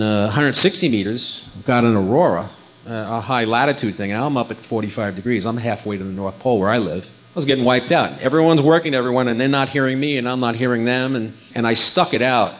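A man giving an informal instructional talk, conversational and folksy, often repeating his words as he goes. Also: mid-range voice. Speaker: amateur radio contester giving a talk. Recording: dull lo-fi recording.

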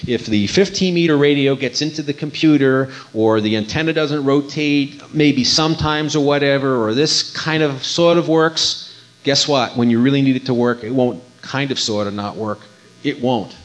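Talking at a normal speed in a mid-range voice, an amateur radio contester gives an informal, folksy how-to talk, repeating his words often. The recording is dull and lo-fi.

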